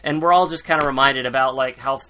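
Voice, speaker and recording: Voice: medium pitch, steady tone, quick pace, crowd noise. A podcast host recapping a book in casual chat, rambling, sarcastic and swearing freely.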